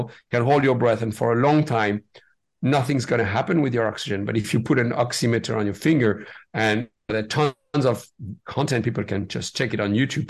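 A man in a mid-range voice who speaks as an explains breathing to an interviewer. He gets enthusiastic and animated, often restarting and repeating words as his ideas rush ahead. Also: mid-range voice. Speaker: breathwork facilitator, guest. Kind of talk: interview conversation.

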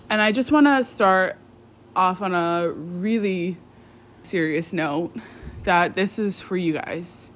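A woman in her twenties hosts her own podcast at home, talking in an easy, unhurried, rambling way. She is candid and casual, full of ums and sudden asides. A faint room ambience sits behind her voice. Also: fairly low pitch, a little hiss or hum. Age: 20s. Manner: rambling, candid, with frequent ums and self-interruptions. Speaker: podcast host. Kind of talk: casual solo podcast chat. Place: indoors at home.

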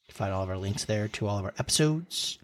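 A man's voice: fairly low pitch, animated, fast talker. A man in his thirties co-hosting a casual podcast from home, telling rambling stories and chuckling often. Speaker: podcast co-host. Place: home room.

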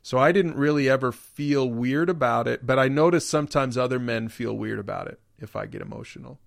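A man's voice: medium pitch, brisk, gravelly, no room sound, clean studio sound. A man hosting a podcast, asking questions and encouraging his co-host. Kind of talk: casual podcast conversation.

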